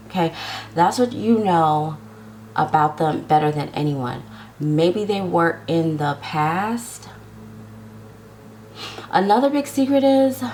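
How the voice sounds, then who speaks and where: This reader's voice sits low and sounds a little mellow, against slight background noise. Chatting through a casual tarot love reading for her viewers, she draws out her words and checks in with "okay?" again and again.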